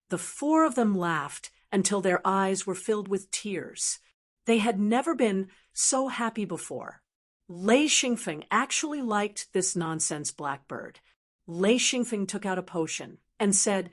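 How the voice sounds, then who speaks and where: A woman reads a fantasy novel aloud in scripted audiobook narration. Her delivery is slow and even, at a middle pitch. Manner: even, measured storytelling.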